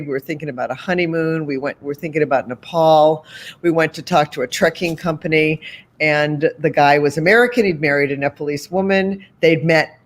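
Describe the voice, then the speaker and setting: A woman in her sixties from the Boston area, telling a long story as an interview guest, with many asides and restarts. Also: sits low.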